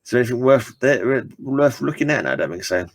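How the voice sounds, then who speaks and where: Guy reading a silver age comic out loud, chatty little asides, dry close mic. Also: medium pitch, a little fast, no echo. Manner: lively read-aloud, chatty asides. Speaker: comic book reader and channel host.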